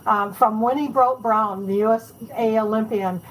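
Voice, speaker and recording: Chatty storytelling woman, slightly high voice. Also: normal speed, poor audio. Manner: chatty, animated anecdotes with laughs. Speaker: author being interviewed. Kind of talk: casual storytelling interview.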